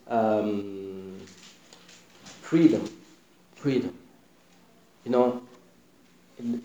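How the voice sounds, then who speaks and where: A man preaching a sermon with passion, dropping to a hush and then rising loud. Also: medium pitch, reverberant, poor audio. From Sudan. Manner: impassioned, swinging between hushed and loud.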